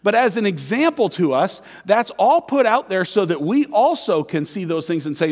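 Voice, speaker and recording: A man's voice: sits high, expressive, moderate pace, hardly any pauses. A man preaching a conversational sermon in a church, asking the congregation questions and acting out quoted voices. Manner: acts out quoted voices in dialogue. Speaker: pastor. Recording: long hall reverb.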